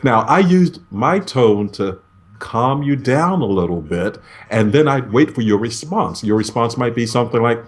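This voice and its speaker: A man being interviewed as a negotiation expert over a video call, explaining in a measured way and acting out sample phone greetings. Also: medium pitch, expressive.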